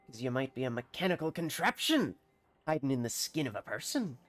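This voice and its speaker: A jumpy, suspicious farmer with a rusty sword, put on by a streamer reading the game's lines. He grumbles in a folksy, wary way through a deliberately bad accent. His voice swings widely in pitch. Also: sing-song, close to an everyday voice. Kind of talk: reading game dialogue aloud on a live stream.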